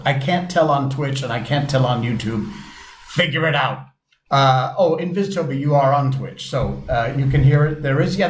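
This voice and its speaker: Guy rambling on his live stream, casual and self-deprecating, echoey with a faint hum. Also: medium pitch. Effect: light added reverb. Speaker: livestream host.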